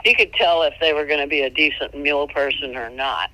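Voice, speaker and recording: A woman mule trainer giving casual, folksy advice, chatty and quick to laugh, sometimes jumping into high, playful tones. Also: bright, forceful tone, muffled recording. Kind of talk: casual instructional chat.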